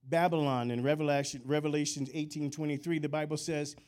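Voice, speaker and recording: A male pastor with a somewhat high-pitched voice delivers a lively sermon. He keeps asking his listeners to respond with an amen and slips into casual, chatty stories between his points. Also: a little fast. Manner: animated preaching with call-and-response; conversational storytelling asides.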